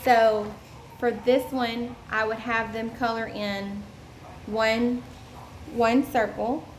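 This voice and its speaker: Young woman, education student presenting a lesson plan; slow and halting, lots of ums; echoey room. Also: fairly high pitch, flat delivery. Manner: halting, many ums, explains step by step. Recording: echoey room with faint noise.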